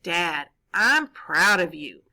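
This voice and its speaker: A firm, fatherly storybook dad voiced by a woman reading aloud, pitched a bit lower than her usual voice. He is steady, proud and strict about manners. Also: slow pace, heavily acted.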